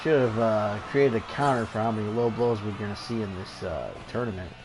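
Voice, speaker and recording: A man hosting a video game show, giving excitable play-by-play commentary on a wrestling match and chuckling along. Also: on the low side, brisk, noisy background.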